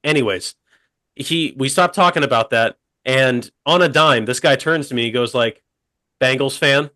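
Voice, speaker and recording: A man telling a funny story on a podcast in a deadpan, rambling way, full of fillers. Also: medium pitch, normal speed, no room sound. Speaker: podcast co-host. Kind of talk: casual comedic storytelling.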